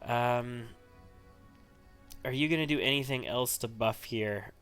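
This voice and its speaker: Man, let's-play commentary, chatty, thinking aloud, bright tone, soft music underneath. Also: mid-range voice, slow, clean tone. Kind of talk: casual gameplay commentary.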